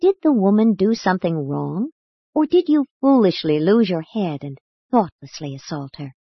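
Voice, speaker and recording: A woman voicing a gentle, patient male teacher who speaks in a measured, earnest way. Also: on the low side, very animated, slightly rough, no room sound, lo-fi sound, full character voice.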